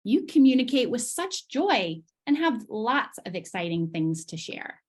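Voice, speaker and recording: A woman clinician presenting certificates at a virtual ceremony, praising children in a slow, encouraging way over a video call. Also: on the high side, big pitch swings, a little mellow, husky.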